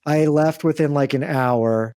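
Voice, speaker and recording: A man's voice: a little high, unhurried, a little mellow, no echo. A young man hosting a comedic podcast, chatting casually with loose jokes, fillers and the odd curse. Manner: joking, loose, frequent fillers and profanity. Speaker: podcast host.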